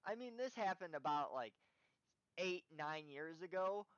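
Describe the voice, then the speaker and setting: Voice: mid-range voice, lively intonation, measured pace, smooth, no echo, muffled recording. A story time YouTuber telling a school story in a casual, rambling way full of "you know".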